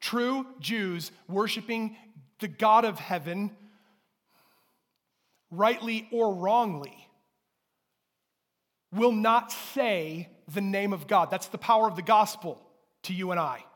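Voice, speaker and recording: A high-pitched man delivers a sermon to a congregation. He swings between forceful proclamations and soft, quiet asides, and often asks the room to repeat a phrase after him. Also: slow pace, pauses often. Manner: emphatic preaching, rising to loud declarations and dropping to soft asides. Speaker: pastor. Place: church sanctuary before a congregation.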